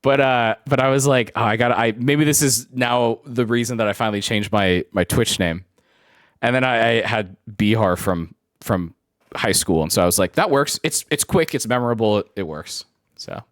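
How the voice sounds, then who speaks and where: A man in his twenties with a lowish voice chats casually with his viewers and laughs often while telling rambling stories at a moderate pace. The recording is clean, studio-grade, and free of room sound.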